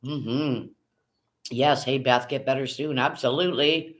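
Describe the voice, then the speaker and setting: A woman's voice: rumbling low, measured pace. A middle-aged woman from Canada, chatting casually on a live stream, greeting viewers by name and swearing now and then. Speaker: livestream host.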